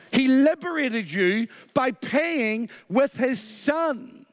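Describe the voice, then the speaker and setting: A man's voice: very high-pitched, animated, slow, hardly any pauses. A man preaching a sermon with emphatic, repeated phrases and a short story woven in. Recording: long hall reverb.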